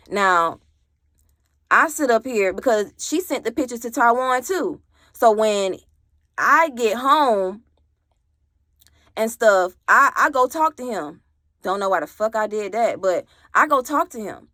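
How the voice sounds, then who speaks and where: A woman's voice: mid-range voice, unhurried, long pauses, no echo, studio quality. A young adult woman telling a personal story in casual chat, blunt and swearing, acting out the people she quotes. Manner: animated, mimics others in quoted voices.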